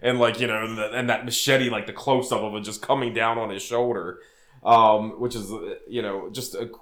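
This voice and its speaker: Low-voiced man rambling in a roomy space. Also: steady tone, moderate pace, fairly bright tone. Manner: rambling, many fillers and restarts. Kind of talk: casual film discussion.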